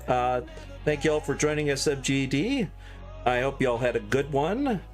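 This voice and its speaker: A man, chatting casually with his squad while streaming a military game. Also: mid-range voice. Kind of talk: casual gaming chat with squad.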